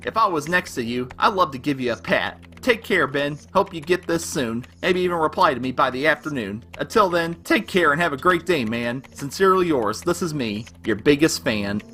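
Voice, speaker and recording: A man's voice: on the high side, expressive, moderate pace, hardly any pauses, bright, forceful tone. A man rapping in rhyme as an obsessive, unstable young male superfan, with a delivery that swings between gushing and menacing, over a backing beat. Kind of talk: rapped fan-letter verse over a beat.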